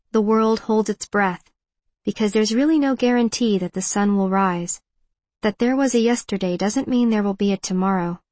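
A woman narrating a first-person audiobook in a reflective, measured way. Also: medium pitch, dry recording.

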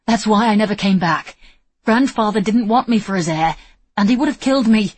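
A woman's voice: fairly low pitch, fairly quick, husky, no echo. A woman voicing a cowardly young man who complains and whines. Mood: whining. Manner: complaining, whining.

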